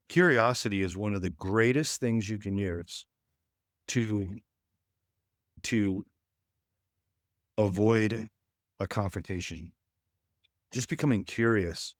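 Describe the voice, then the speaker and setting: A man's voice: on the low side, measured pace, pauses often, no room sound, clean studio sound. A man leading a relationship workshop, speaking to a live audience in a folksy way and acting out bits of dialogue. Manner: folksy, acts out quoted dialogue. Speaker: relationship coach.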